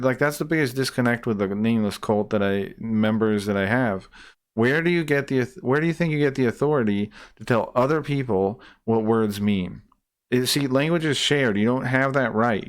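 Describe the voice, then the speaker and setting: A man ranting in a heated, profane reaction commentary, repeating himself and restarting sentences as he gets worked up. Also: mid-range voice. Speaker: streamer reacting to a debate clip.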